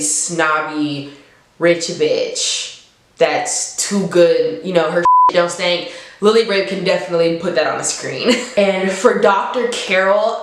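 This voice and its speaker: A woman giving a casual book review on her vlog, chatty and laughing often, her voice jumping up when she gets excited. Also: fairly low pitch. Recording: very echoey room.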